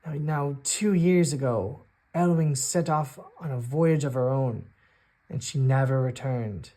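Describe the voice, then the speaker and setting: A man voicing an older male noble seafarer, a regretful father who speaks in a halting, reflective way. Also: mid-range voice, warm tone, lightly acted.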